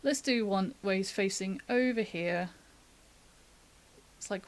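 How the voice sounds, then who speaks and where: A woman talks through a drawing demo in a relaxed, chatty stream. She thinks aloud as she sketches and laughs easily. She is from the UK. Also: medium pitch, slow. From United Kingdom. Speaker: artist giving a drawing demo. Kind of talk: casual live-stream drawing tutorial.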